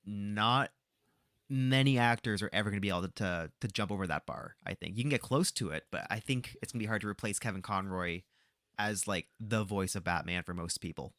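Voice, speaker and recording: A man hosting a podcast, asking questions in a relaxed, agreeable way. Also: lowish voice, fairly quick, dry recording, studio quality. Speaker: podcast host. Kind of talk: casual podcast chat.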